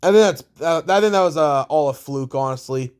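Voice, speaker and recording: A man's voice: on the high side, a little fast, darkish tone, clear, resonant tone. A young man from Canada giving blunt, profane hockey opinions in a casual, rambling rant full of restarts. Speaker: hockey vlogger.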